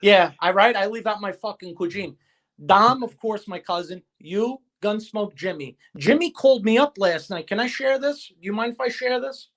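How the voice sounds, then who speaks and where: A man's voice: high-pitched, moderate pace, fairly bright tone. A man in casual chat as a guest, venting with heated, profane talk and retelling conversations.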